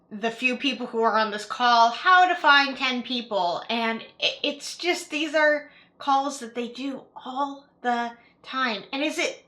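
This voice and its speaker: Young woman commentator, high bright voice, chatty, lots of "like" fillers, casual reaction talk. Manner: chatty, filler-heavy with frequent "like", repeats herself. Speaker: YouTube commentator.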